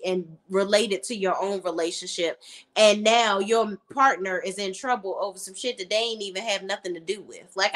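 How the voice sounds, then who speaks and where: A woman's voice: medium pitch, fairly bright tone. A woman giving a casual, blunt and slangy recap of a TV episode, full of her own opinions as a show reviewer.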